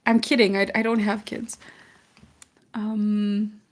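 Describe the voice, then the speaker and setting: A woman co-hosting a relaxed art livestream, chatting in a jokey, self-deprecating way while she paints. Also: mid-range voice, slow pace. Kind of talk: casual chat while painting.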